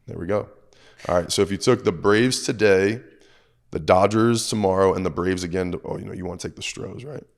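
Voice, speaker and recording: A hoarse man co-hosting a sports betting show, chatting casually and upbeat about his picks. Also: low voice, fairly quick. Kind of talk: casual chat.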